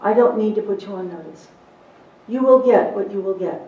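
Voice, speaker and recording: A middle-aged woman presenting a live seminar to court reporters, emphatic and lively, with teasing asides. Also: medium pitch, normal speed, narrow, tinny audio. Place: seminar room. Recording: roomy echo, recorded from a distance.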